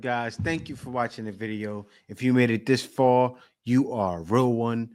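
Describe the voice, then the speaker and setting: A man's voice: medium pitch, normal speed, darkish tone, faint music behind. A man co-hosting a casual chat, laid-back and agreeable, who also signs off the channel's video. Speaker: co-host and channel owner.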